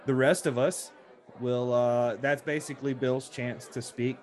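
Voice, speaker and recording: A man's voice: mid-range voice, flat delivery, unhurried, some chatter behind. A man hosting a casual podcast from a tavern, joking and rambling with restarts. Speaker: podcast host.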